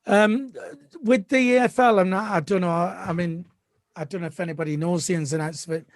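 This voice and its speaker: A man's voice: sits high, steady tone, a little fast, no room sound. A man hosting a live fan panel, talking casually with many fillers and restarts. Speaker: host of a live fan show.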